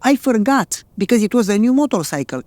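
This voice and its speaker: Lively, earnest preaching man. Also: high-pitched, brisk, no echo. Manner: earnest storytelling, plain direct phrasing. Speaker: pastor. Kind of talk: sermon.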